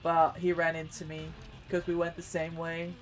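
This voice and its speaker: A woman's voice: low-pitched, monotone, normal speed. Woman streamer narrating her game aloud. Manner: talks to herself, panicky outbursts. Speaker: streamer and competitive player. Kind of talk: live gameplay commentary.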